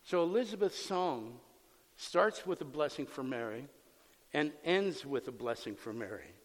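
A man's voice: medium pitch, lively intonation, measured pace. A man preaching a sermon as pastor, conversational and emphatic, acting out the scenes he explains, in a long hall reverb.

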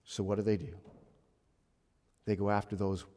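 A male pastor preaching a sermon with emphasis, swinging between loud passages and hushed ones. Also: lowish voice, little pitch movement, normal speed. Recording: long reverb of a large hall.

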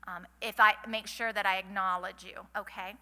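A woman's voice: medium pitch, flat delivery, normal speed, sharp tone. A middle-aged woman, giving a folksy, chatty sermon at a women's conference and asking the audience questions. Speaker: conference speaker. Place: large hall. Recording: hall reverb from a live event.

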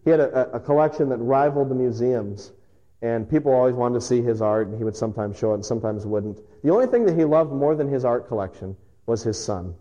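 A male pastor preaching a sermon, telling stories with emphatic pauses. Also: mid-range voice, lively intonation, mellow, muffled recording. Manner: storytelling, emphatic with dramatic pauses.

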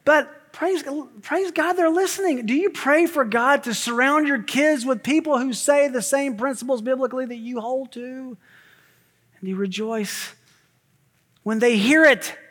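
A man preaching a sermon as pastor, emphatic, with quick asides and rising exclamations. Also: very high-pitched, fairly bright tone. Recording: long hall reverb.

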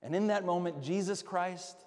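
A male pastor preaching an earnest sermon, swinging between loud emphatic lines and hushed, slow drops. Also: sits high, long reverb tail.

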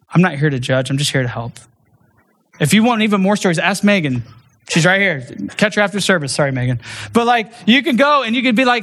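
A man's voice: sits high, expressive, brisk, a bit bright. Conversational male pastor preaching. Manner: conversational, self-correcting, playful asides. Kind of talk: sermon.

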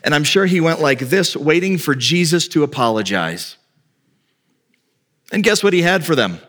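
A male pastor preaching a sermon with lively delivery, often acting out quoted speakers in a raised voice. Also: on the high side, moderate pace.

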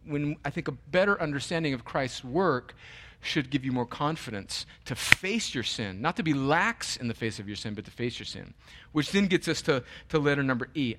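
A man preaching a sermon as pastor, earnest and animated, often restarting his sentences. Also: a little high.

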